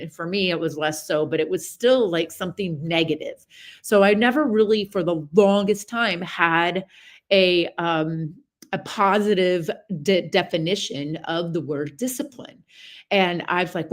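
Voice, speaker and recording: A woman hosting a podcast, talking in a casual, chatty motivational monologue with many fillers and lively storytelling. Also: medium pitch. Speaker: podcast host.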